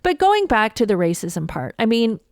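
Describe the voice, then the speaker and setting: A woman from Toronto, a comedian telling a story on her podcast in an animated, indignant and profane way. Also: on the high side, normal speed, no echo, clean studio sound. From Toronto, Canada. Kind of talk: storytelling monologue.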